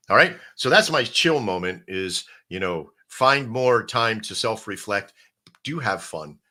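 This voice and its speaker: A man's voice: on the low side, bright, forceful tone. A man hosting a casual crypto livestream, talking straight to his viewers in a rambling, coach-like pep talk with plenty of restarts. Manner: addresses viewers directly as folks and brother. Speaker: crypto stream host.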